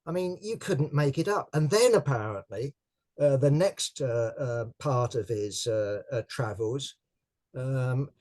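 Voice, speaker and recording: A man's voice: medium pitch, darkish tone. Sardonic rambling man commentator. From Britain. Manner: sardonic, rambling, many fillers. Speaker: political commentator. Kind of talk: casual spoken commentary.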